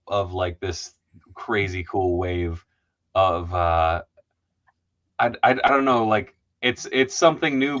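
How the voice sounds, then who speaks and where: A man's voice: on the low side, a bit bright, dull audio. A man hosting a casual live stream chat, rambling and reading viewer comments aloud.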